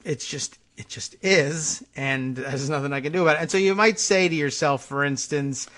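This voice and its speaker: A man's voice: a little high, normal speed, a bit bright. A man hosting a political talk show who rambles through sardonic, digressive commentary with many asides and filler words. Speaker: podcast host.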